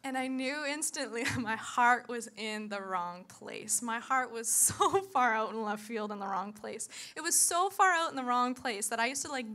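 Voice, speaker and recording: A woman in her thirties shares a personal testimony from a church pulpit. Her voice is bright and sits a little high. She tells the story animatedly, slipping into other characters' voices and laughing along the way. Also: lively intonation, moderate pace, few pauses. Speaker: church speaker. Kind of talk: sermon testimony to a congregation.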